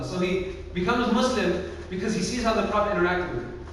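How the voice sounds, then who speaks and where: A young youth speaker with a high, fairly quick voice gives a casual religious talk, telling stories, acting out the voices of the people in them, and using lots of filler words. He's recorded from far off in an echoey hall, with a little hiss or hum.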